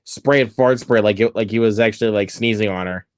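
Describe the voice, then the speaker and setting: A man's voice: lowish voice, brisk, dry recording. A man hosting a casual online hangout, talking on a headset mic, giggling and repeating himself as he rambles. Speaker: host. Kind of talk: casual chat.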